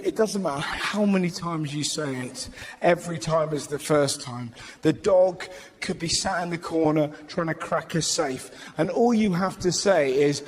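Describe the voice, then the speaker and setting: Guy doing stand-up, high-ish voice, lively rants, noisy live crowd behind. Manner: brisk, animated storytelling, swearing, jumping into character voices. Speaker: stand-up comedian. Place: live comedy stage. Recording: live show with audience noise. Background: audience laughter.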